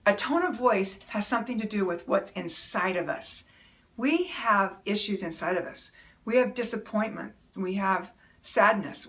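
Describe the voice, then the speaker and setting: A woman's voice: mid-range voice, a bit bright. A middle-aged woman speaking earnestly to camera, giving encouraging, plain-spoken self-help advice. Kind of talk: motivational talk to camera.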